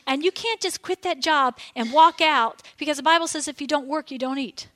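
A woman's voice: high voice, fairly quick, a bit bright. A woman preaching a sermon in a conversational way, acting out prayers and quotes as she teaches.

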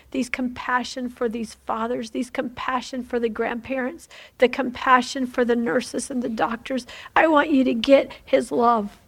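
A woman leads a fervent prophetic prayer, repeating phrases and frequently sinking into a whisper. Her voice is high-pitched with vocal fry.

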